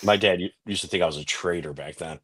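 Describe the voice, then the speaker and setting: Deep-voiced man from Cleveland talking sports. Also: quick pace, breathy edge, dry recording. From Cleveland area. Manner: excited, filler-heavy sports talk. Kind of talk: casual chat.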